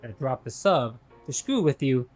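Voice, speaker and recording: A man's voice: medium pitch, animated, normal speed, a little mellow, faint music behind. A man co-hosting a live stream, recapping drama in a rambling way with lots of fillers. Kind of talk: casual recap commentary.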